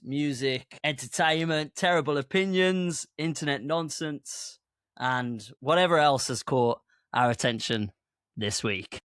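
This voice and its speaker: A man hosting a casual podcast chat in a playful, laughing way. His voice sits at a middling pitch, recorded dry and close to the mic. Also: fairly bright tone, clear, resonant tone, dry recording. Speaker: podcast co-host.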